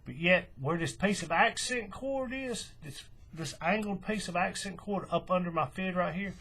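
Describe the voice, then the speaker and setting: A man explaining a craft step by step in a relaxed, folksy way. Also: sits high, normal speed. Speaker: craft tutorial host. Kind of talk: hands-on tutorial walkthrough.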